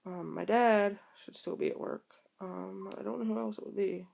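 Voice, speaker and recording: A woman's voice: mid-range voice, steady tone, normal speed, gravelly, darkish tone. A young woman talking casually to the camera at home, rambling and candid with many ums and restarts. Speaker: vlogger.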